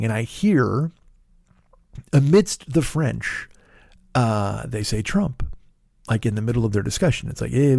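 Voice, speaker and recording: A man's voice: medium pitch, vocal fry, darkish tone, dry recording, studio quality. A middle-aged male comedian hosting his own show, telling a rambling, profane, self-deprecating story in a casual monologue. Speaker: comedian and podcast host.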